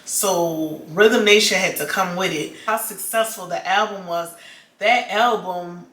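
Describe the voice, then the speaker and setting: Chatty woman with a bright voice. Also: fairly low pitch, a little slow, echoey room. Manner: chatty, rambling, many "like"s and restarts. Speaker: vlogger reviewing a documentary. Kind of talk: casual chat.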